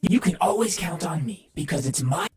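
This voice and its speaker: A woman voicing a glitchy male helper robot, eerily eager to help, in a breathy, broken game voice. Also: low-pitched, animated, brisk, darkish tone, roomy sound. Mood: eerie. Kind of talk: repeated game voice clip.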